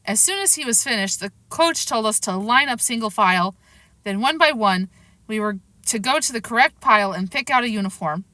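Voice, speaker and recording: A woman reads a children's novel aloud with lively, expressive narration. Her voice is bright and sits a little high. The recording is close and dry. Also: brisk, no echo. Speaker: reader. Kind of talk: storybook narration.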